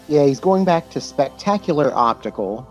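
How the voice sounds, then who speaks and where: A man's voice: on the high side, lively intonation, normal speed, soft background music. A man co-hosting a casual movie podcast, laid-back, recapping the plot with dry asides. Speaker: podcast co-host. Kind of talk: casual movie chat over beer.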